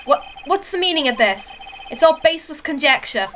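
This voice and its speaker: A woman voicing a shifty, loud male murder witness who blusters and stammers defensively. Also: high voice, expressive, fairly quick, slight background noise. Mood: blustering.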